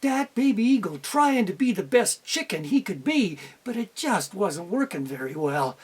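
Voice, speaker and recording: A man telling a folksy children's story aloud, animated, with lots of sound effects. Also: high-pitched, normal speed, slightly rough. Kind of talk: oral storytelling.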